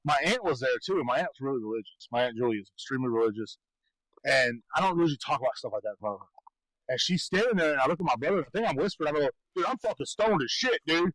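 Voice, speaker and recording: A man's voice: mid-range voice, lively intonation, rapid-fire, fairly bright tone, no room sound, poor audio. A man co-hosting a podcast, telling rambling stories in casual chat and laughing often. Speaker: podcast co-host.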